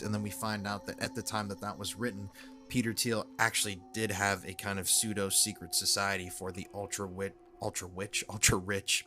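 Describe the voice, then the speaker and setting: A man with a bright, forceful voice pitched a little low talks through a string of emails, earnest and indignant. Faint music sits under his voice. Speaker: commentator. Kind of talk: online commentary video.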